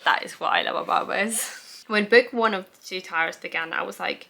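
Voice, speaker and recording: A young woman with a bright, crisp voice gushes about her favourite books in a casual, rambling chat. She laughs at herself and reads out her old notes with plain delight. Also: medium pitch, normal speed. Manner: gushing, rambling, self-mocking, laughs at herself. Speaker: book vlogger. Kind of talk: casual book review chat.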